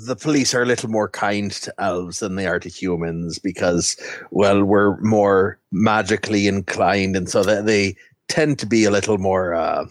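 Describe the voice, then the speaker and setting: A man playing a tabletop game, speaking calmly and reassuringly as his character. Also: low-pitched, normal speed, dry recording, studio quality. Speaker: player. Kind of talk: casual tabletop role-play.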